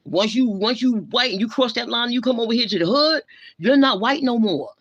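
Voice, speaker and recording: A woman's voice: fairly high pitch, a little fast, slightly rough, no room sound, highs cut off. A woman hosting a livestream, ranting and scolding in blunt, slang-heavy talk with a lecturing tone. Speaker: livestream host. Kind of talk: ranting live commentary.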